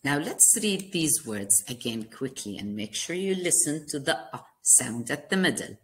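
A woman's voice: low-pitched, lively intonation, normal speed. A woman teaching a phonics lesson to kindergarten children, spelling out words letter by letter and asking them questions. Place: classroom lesson video.

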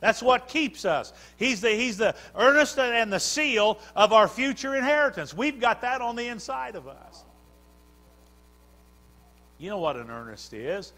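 A fervent preacher with a strikingly high, lively voice that swings up and down as he drives home repeated phrases. His tone is bright and forceful from the pulpit. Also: measured pace. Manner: preaching with rising fervor and repetition. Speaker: pastor. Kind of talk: sermon.

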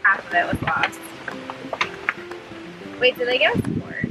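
A chatty woman with a slightly raised voice hosts a food vlog outside a restaurant, where waterfalls run nearby. She sounds bubbly and relaxed as she eats. Music plays clearly under the talk. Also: on the high side, a little slow, rough recording. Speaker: mukbang vlogger host. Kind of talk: casual chat while eating. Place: outdoors beside a restaurant with waterfalls.

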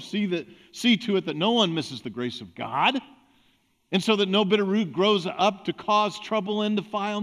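A man with a notably high-pitched voice delivers a church sermon. He talks in a relaxed, conversational way and acts out small everyday scenes to make his points. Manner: conversational preaching with acted-out examples. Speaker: pastor. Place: church sanctuary.

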